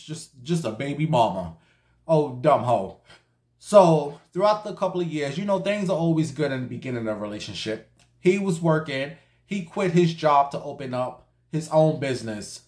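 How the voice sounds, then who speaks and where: A man telling a gossip story in a sassy, profane, slangy way, addressing his viewers directly. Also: fairly high pitch. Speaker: storytime vlogger. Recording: echoey room.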